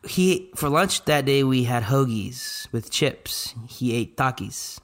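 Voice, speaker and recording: A man in his thirties, co-hosting a podcast, telling a family story in a relaxed, matter-of-fact way with dry asides. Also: medium pitch, takes it slowly. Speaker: podcast co-host. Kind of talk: casual storytelling.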